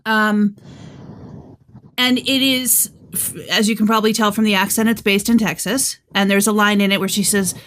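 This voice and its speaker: A woman's voice: mid-range voice, steady tone, moderate pace, a bit bright, a little hiss or hum. A woman from upstate New York with a light upstate New York accent, co-hosting a podcast and telling stories wryly in casual chat. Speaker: podcast co-host and audiobook narrator.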